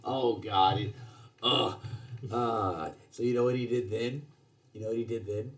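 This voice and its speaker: Against a noisy background, a man with a steady, lowish voice plays a tabletop game and tells an in-character story unhurriedly. He rambles and hesitates, restarting again and again.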